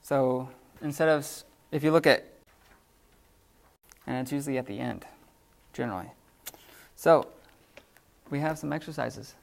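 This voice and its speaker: A man teaching a Greek class in a classroom, in an informal, halting manner with many fillers. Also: mid-range voice, vocal fry. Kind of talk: classroom lecture.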